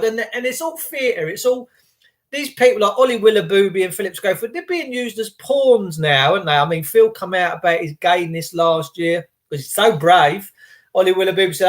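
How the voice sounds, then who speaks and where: A man hosts a casual livestream and rambles on in a loose, chatty way. He greets viewers by name as he talks. His voice sits high for a man. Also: expressive, normal speed, fairly bright tone. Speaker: livestream host. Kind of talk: casual live chat with viewers.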